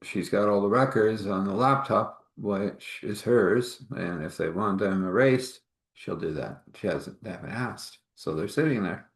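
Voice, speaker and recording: A man's voice: fairly low pitch, unhurried. A man telling a faith-based everyday story in a rambling, homespun way with many fillers. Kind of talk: informal spoken storytelling. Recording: echoey room.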